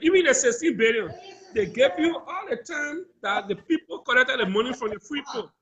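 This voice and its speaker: A man's voice: very high-pitched, expressive, brisk, bright, forceful tone, poor audio. A man calling in to a talk show, arguing indignantly. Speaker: caller.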